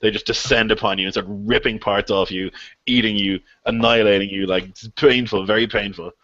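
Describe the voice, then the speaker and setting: A man's voice: lowish voice, steady tone, brisk, a bit bright, dry recording, muffled recording. A man narrating a tabletop game as game master, talking casually with lots of fillers and laughs.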